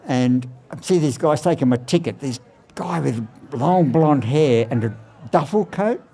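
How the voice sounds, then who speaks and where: An Australian man of eighty telling lively stories as a guest, recorded outside a surfboard factory. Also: mid-range voice. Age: 80s. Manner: animated storyteller, laughs often. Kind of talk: storytelling interview.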